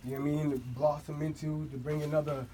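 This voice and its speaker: A man's voice: a little high, flat delivery, quick pace, a little hiss or hum. A man in his twenties giving a loose, joking birthday toast, full of "um" and "you know what I mean". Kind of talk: casual party speech. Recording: loud crowd around.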